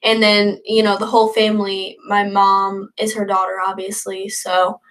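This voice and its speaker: A woman's voice: mid-range voice, level tone, normal speed, a bit bright. A young woman in her late teens hosting a casual livestream, reading viewer comments aloud and rambling in an upbeat, chatty way. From northern United States. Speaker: livestream host.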